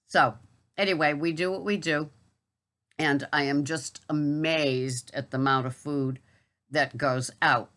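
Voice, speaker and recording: Middle-aged woman, low voice, forceful bright tone, rambling casual vlog talk. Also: fairly even intonation, unhurried. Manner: chatty and rambling, with asides and fillers. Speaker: grocery delivery shopper.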